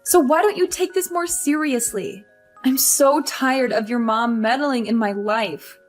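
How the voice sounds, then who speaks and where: A woman's voice: sits high, unhurried. An actress playing a frustrated young career wife who complains about her mother-in-law, over faint music. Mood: upset. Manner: upset, complaining.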